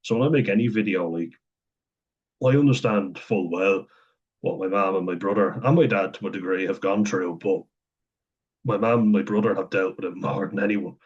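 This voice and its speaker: A very deep-voiced man with a husky edge talks straight to camera in a loose, rambling way. He drops casual swear words and laughs easily between points, and the recording sounds dull and lo-fi. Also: moderate pace. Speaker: vlogger. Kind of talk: casual talk to camera, reading and commenting.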